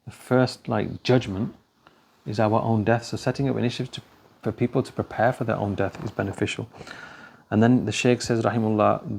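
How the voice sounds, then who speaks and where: A man's voice: on the low side, steady tone, fairly quick, creaky, a little mellow, a little hiss or hum. A man giving a conversational religious talk, telling stories and acting out the dialogue. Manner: anecdotal, conversational, acts out dialogue. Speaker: speaker at a talk.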